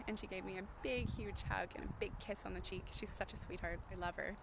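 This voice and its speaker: A woman's voice: mid-range voice, fairly even intonation, brisk, vocal fry, hardly any pauses, background noise. A young woman talking casually to camera in a vlog, chatty, with many fillers and self-corrections, recorded outdoors in the countryside. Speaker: vlogger.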